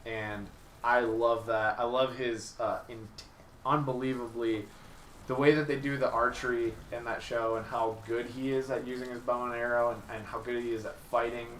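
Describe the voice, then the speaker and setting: Enthusiastic young male podcast host, bright sharp tone, rambles, distant mic in an echoey room. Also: mid-range voice, little pitch movement, a little hiss or hum. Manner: enthusiastic, rambling, quick to laugh. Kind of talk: casual podcast chat.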